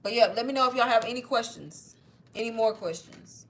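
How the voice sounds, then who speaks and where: A woman's voice: fairly high pitch, fast talker, a little hiss or hum. A young woman hosting a casual livestream, chatty and persuasive, a bit out of breath and saying "y'all" all the time. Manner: chatty, says "y'all" constantly. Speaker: online course seller hosting a livestream. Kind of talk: casual livestream sales pitch.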